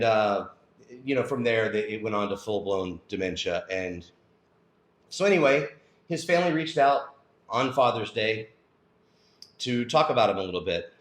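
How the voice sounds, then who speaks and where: A man's voice: mid-range voice, roomy sound. A man hosting a news show, going through stories in a casual, conversational way. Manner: conversational, with fillers. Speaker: news commentary host.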